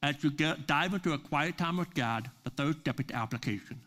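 Male pastor preaching, kinda high voice, earnest, punches the big words. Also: brisk. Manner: earnest, building to forceful emphasis on key words. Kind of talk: sermon. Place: church service.

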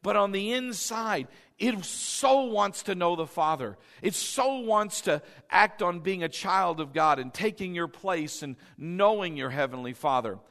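A man's voice: high voice, expressive, a little slow, few pauses, a bit bright, long reverb tail. A male pastor preaching a sermon in a conversational, emphatic way, often checking in with the congregation and repeating key phrases.

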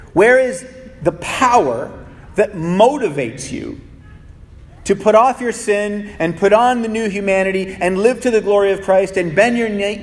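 A man preaching a sermon as pastor, his delivery swinging between soft, low pleading and raised, urgent peaks. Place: church sanctuary. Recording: long reverb of a large hall.

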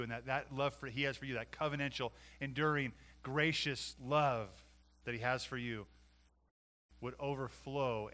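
A man preaching a sermon as pastor, emphatic, with rhetorical questions and swings in loudness. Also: mid-range voice.

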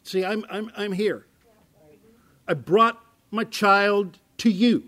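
A man preaching as a pastor in a conversational Bible-teaching sermon. He restarts his words often and swings between loud emphasis and hushed asides. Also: sits high, takes it slowly.

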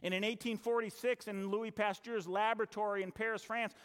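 High-voiced preacher man in a reverberant hall. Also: fairly even intonation, a bit bright, clear, resonant tone. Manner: storytelling, with acted dialogue and dramatic pauses. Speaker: pastor. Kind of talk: sermon.

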